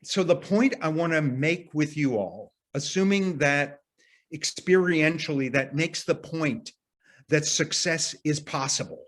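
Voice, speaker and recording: A man's voice: on the high side, lively intonation, a little slow, a bit bright. A man leading an arts workshop, explaining ideas earnestly in a casual teaching voice, sometimes restarting sentences as he thinks aloud. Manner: casual phrasing with occasional mild profanity. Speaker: workshop leader. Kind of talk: teaching talk to workshop participants.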